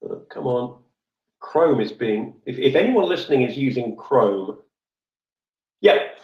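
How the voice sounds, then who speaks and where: A man chats casually in a live online audio room, wandering through his points, stopping to correct himself and filling pauses as he goes. He has a mid-range voice of ordinary pitch. His audio comes through a dull, lo-fi stream. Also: lively intonation. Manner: rambling, self-correcting, with many fillers. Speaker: guest speaker, former office IT support. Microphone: computer or phone mic in a live audio room.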